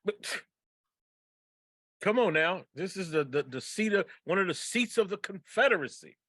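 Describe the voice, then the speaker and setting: A man's voice: high voice, animated, moderate pace, a bit bright, dry recording, studio quality. A man co-hosting a podcast, playful and teasing as he chats. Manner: playful, teasing, bursts of laughter. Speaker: podcast co-host. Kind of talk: casual chat.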